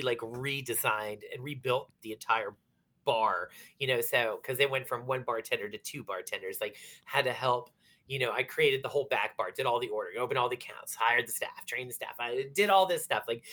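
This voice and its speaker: A woman from Pittsburgh, a bar manager, telling stories casually in an interview with lots of fillers and acted-out quotes. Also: rumbling low. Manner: animated, acts out quoted dialogue, many fillers.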